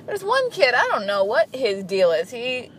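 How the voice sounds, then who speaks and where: A woman chatting casually to camera, talking in quick bursts and restarting her sentences. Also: fairly high pitch, wildly swooping pitch, slight background noise. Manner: chatty, peppered with "like", frequent restarts. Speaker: vlogger. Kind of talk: casual chat.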